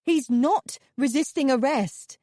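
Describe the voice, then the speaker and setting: A woman's voice: on the low side, expressive, normal speed, no echo, clean studio sound. A woman playing an outraged woman therapist. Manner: sharp, outraged outbursts. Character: indignant woman therapist defending her patient.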